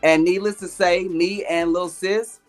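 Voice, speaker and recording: A man co-hosting a casual podcast, speaking in a measured way with frequent ums and uhs. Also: high-pitched, fairly even intonation, faint music behind. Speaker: podcast co-host. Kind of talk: casual recap chat.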